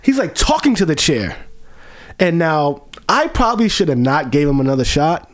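Lively, animated man telling a bar story. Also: on the high side, normal speed. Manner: animated, profane, laughing storyteller. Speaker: bartender. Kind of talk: casual storytelling chat.

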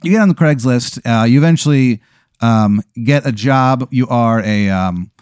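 A man spinning an improvised comic scenario in second person, rambling with many fillers in a deadpan way. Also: mid-range voice, normal speed, clear, resonant tone, no echo, clean studio sound. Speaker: host running an improvised scenario. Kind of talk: casual comedic storytelling.

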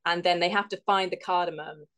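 Brief: woman guest, lowish voice, bubbly and self-deprecating, casual interview. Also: steady tone, a little fast, fairly bright tone. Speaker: guest, actor and writer.

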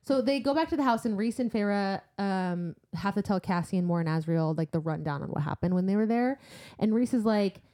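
Mellow-voiced woman retelling a plot. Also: mid-range voice, a little fast. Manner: chatty retelling full of "like" and "um". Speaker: podcast co-host. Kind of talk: casual book-club chat.

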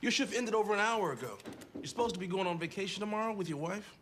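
An actor playing an exasperated fellow police officer in a TV drama, quick and needling. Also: male voice, high-pitched, lively intonation, a bit bright, a little hiss or hum. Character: nosy fellow cop, exasperated. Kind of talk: TV drama acting.

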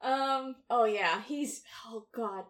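A woman co-hosting a podcast in casual chat, laughing often and talking with animated, swearing energy. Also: a little high, slow pace. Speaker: podcast co-host. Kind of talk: casual chat reviewing a TV episode.

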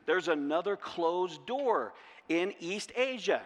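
A man preaching a sermon as pastor, repeating key phrases and asking rhetorical questions in a lively way. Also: high voice, takes it slowly. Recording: long hall reverb.

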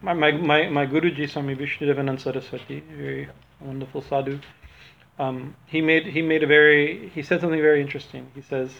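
A man's voice: on the high side, fairly even intonation, brisk, vocal fry. A man teaching an informal religious talk, rambling with many restarts and a habit of asking "right?". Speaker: spiritual teacher. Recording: dull lo-fi recording.

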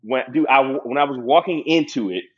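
Young guy ranting about a story, swears a lot, husky voice, lively ups and downs, kinda muffled lo-fi sound. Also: medium pitch, a little fast. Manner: profane, animated, laughs often. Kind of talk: casual storytelling chat.

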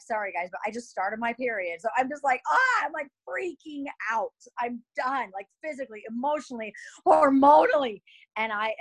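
Candid, emotional storytelling mom. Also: female voice, mid-range voice, low-quality recording. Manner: emotional and chatty, with many fillers. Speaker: mother sharing a personal faith story.

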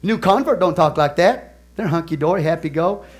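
A male pastor delivers a sermon with a voice pitched a little above most men. He moves from quiet asides to loud bursts, laughs with the congregation, and draws out key phrases slowly. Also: husky. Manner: animated, swings from soft asides to loud exclamations; laughs and asks the congregation questions.

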